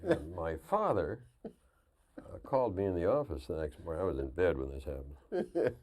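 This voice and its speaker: An older man telling lively anecdotes as a guest on a 1999 television interview, often laughing at his own stories. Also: sits low, moderate pace. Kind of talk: casual storytelling.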